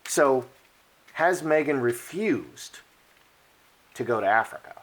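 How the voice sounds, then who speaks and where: A man's voice: medium pitch, animated, slow pace, long pauses, slight background noise. A man giving a casual card-reading commentary, chatty and repetitive, thinking aloud as he turns over each card. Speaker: card reader.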